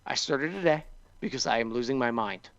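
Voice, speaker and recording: A man's voice: medium pitch, expressive, brisk, fairly bright tone, lo-fi sound. A man co-hosting a podcast, venting sarcastic complaints in casual chat. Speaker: podcast co-host.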